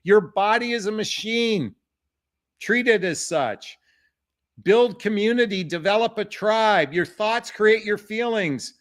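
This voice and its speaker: A man's voice: sits high, expressive, takes it slowly. A middle-aged man giving dating advice straight to camera, impassioned and emphatic, often calling his viewers "folks". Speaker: dating coach. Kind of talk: direct-to-camera advice talk.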